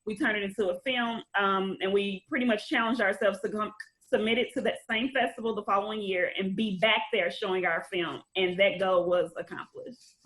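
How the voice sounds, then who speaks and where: A woman's voice: mid-range voice, fairly even intonation, moderate pace, fairly bright tone, rough recording. A woman speaking as a guest on a podcast, telling her story in an earnest, emphatic way. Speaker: playwright and film director guest. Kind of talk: casual podcast interview.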